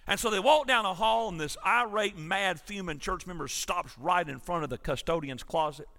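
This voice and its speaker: A man's voice: high-pitched, moderate pace, pushed and bright, in a large hall. A man, a pastor preaching an emphatic, storytelling sermon in a church sanctuary.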